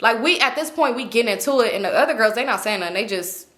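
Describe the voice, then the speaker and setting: Young woman vlogger, high bright voice, slangy storytime, swears a lot. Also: quick pace. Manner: animated, slangy, profane storytelling to the viewers. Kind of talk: storytime vlog.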